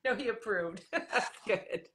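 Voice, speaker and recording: A woman's voice: medium pitch, takes it slowly, fairly bright tone. A woman hosting a podcast interview, enthusiastic and affirming, who laughs often and asks her guest questions. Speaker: podcast host and author. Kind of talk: casual interview conversation.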